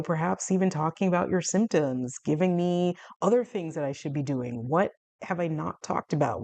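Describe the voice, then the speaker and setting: Woman in her 40s vlogging, low voice, chatty, laughs a lot, acts out convos. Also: gravelly, a little mellow, no echo. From United States. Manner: chatty, laughs often, acts out dialogue with big jumps in pitch. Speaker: health vlogger. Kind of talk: casual talk to camera.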